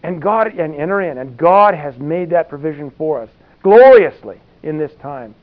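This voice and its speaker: A man with a somewhat high, animated voice speaks at a normal speed, preaching a folksy sermon as if chatting, rambling through asides and leaning on "you know." It sounds tinny, like a phone recording.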